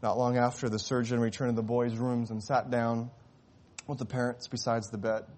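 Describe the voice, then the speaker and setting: A man preaching a sermon, telling a story and rising to impassioned cries before dropping to hushed, tender tones. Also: mid-range voice, flat delivery, normal speed. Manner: swells to impassioned shouting at climaxes, drops to hushed tones.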